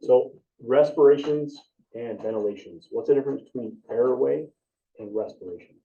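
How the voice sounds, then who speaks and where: A man's voice: medium pitch, normal speed, vocal fry. A man teaching an EMT class in an informal, casual way, often asking the students questions. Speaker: EMT instructor. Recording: dull distant room recording.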